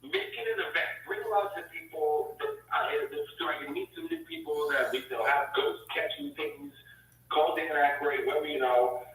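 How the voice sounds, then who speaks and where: A man from Canada, a guest on a live stream, talking casually in an animated, halting way and often repeating himself. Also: fairly high pitch, reverberant, recorded from a distance, rough recording. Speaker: livestream guest.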